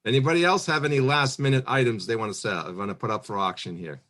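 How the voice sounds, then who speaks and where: A man's voice: mid-range voice, a bit bright. Man calling an auction. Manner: brisk calls with friendly asides.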